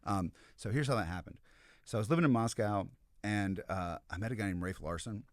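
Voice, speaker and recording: Man, thirties, low voice, rapid rambling delivery, dry close sound. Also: no room sound. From American South. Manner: rambling, lots of "like" and "you know". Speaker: podcast guest, comedian and history professor. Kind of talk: casual podcast storytelling.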